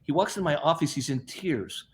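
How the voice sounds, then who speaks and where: A man's voice: on the high side, lively intonation, moderate pace, a little hiss or hum. A middle-aged man, a guest on an interview, telling a long story in a rambling way, often repeating words and quoting people in his own voice. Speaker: guest, health practitioner.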